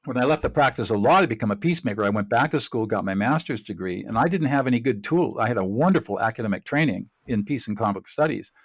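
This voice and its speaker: A man's voice: mid-range voice, animated, fast talker, few pauses, breathy edge. A man speaking as a podcast guest, earnest and explanatory, with a mid-range voice. The sound is dry and close, with no room echo. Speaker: guest, mediator and trainer. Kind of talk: podcast interview.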